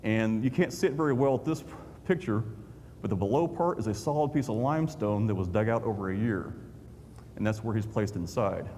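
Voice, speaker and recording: A man's voice: on the low side, fairly quick, mellow. Folksy man telling stories. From Indiana, USA. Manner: folksy anecdotal storyteller. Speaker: YouTuber giving a talk. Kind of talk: storytelling public talk. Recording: long hall reverb, faint noise.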